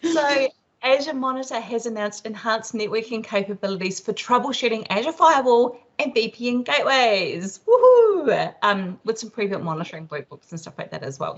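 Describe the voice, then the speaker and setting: Chatty woman presenting over a dull call. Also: medium pitch. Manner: enthusiastic, chatty, with fillers. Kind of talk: casual webinar walkthrough of tech updates. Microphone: headset, later computer microphone. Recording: dull, lo-fi video-call audio.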